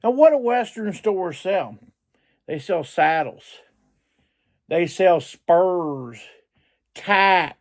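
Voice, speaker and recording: A middle-aged man hosting a reselling vlog, talking in an excitable, rambling way and often repeating himself. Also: high-pitched, very slow, pauses often. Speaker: reseller channel host. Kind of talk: casual vlog talk.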